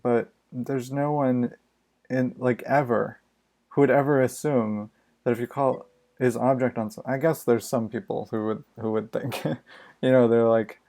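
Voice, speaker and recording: A man's voice: mid-range voice, steady tone, a little slow, gravelly, mellow. A man live-streaming himself programming, muttering his thoughts aloud in a casual, exasperated way and swearing freely.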